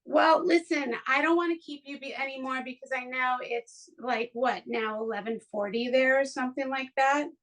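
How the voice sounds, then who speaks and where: A woman hosts a podcast from her home studio, chatting casually in an effusive, emotional way with many restarts. Her voice is high-pitched and fairly bright, moving at a moderate pace with few pauses, and the recording quality is low.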